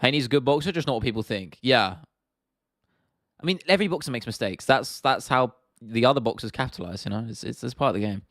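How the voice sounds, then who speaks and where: Speaking quickly with lively intonation, this young London-accented livestream host reads and answers viewer comments in a loose, casual Q&A. The voice is mid-range and a bit bright, recorded dry at studio quality.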